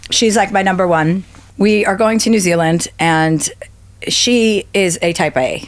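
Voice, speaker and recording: A woman's voice: a little slow, no echo. A woman in her fifties, a podcast guest, telling long travel stories with swearing and acted-out quotes. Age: 50s. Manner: profane, acts out quotes with big pitch jumps. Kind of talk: animated storytelling.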